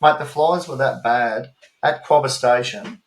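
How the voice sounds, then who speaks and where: Aussie bloke telling stories in a roomy echo. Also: male voice, mid-range voice, measured pace. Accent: Australian. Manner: animated storytelling, swears freely. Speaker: podcast co-host. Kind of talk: casual chat.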